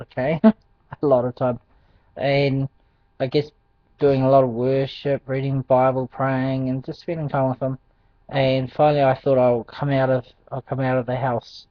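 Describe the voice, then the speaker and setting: A man tells a personal faith testimony, hesitating often with ums and restarts and chuckling as he goes. His mid-pitched voice sits in a dry, close space. The recording is dull and lo-fi. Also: no echo. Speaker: Christian testimony speaker. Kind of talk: casual spoken testimony.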